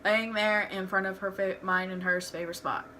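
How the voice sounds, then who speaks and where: A young woman vlogs at home, telling personal stories candidly and rambling, often restarting her sentences. Her voice is medium-pitched and fairly even, at a normal speed, with a sharp tone. A little hiss or hum is audible.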